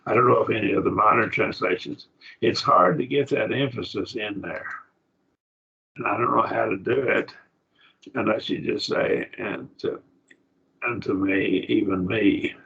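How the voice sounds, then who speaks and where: Gravelly, husky man teaching a Bible class. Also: on the low side, bright, forceful tone. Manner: halting, thinks aloud with restarts. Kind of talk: Bible study lesson on Greek text. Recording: dull lo-fi recording.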